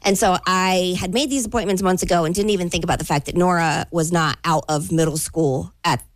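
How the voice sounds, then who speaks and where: A woman's voice: on the low side, a little fast, no echo. A middle-aged woman telling a story in casual chat, acting out quotes and sound effects and laughing at herself. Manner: animated storyteller, acts out quotes and door sounds; self-mocking, laughs through her story. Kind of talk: casual chat among friends.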